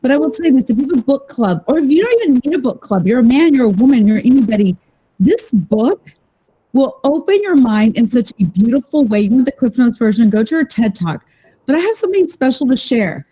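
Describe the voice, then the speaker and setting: Woman host, effusive and rambling, mellow timbre. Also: sits high, very animated, brisk, breathy edge, low-quality recording. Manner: effusive, rambling, warmly enthusiastic. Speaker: podcast host. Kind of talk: casual interview chat.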